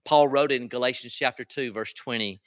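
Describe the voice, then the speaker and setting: A man's voice: medium pitch, fairly quick, a bit bright, clean tone, dry recording. A man preaching a sermon as a pastor, earnest and direct, often asking his listeners rhetorical questions.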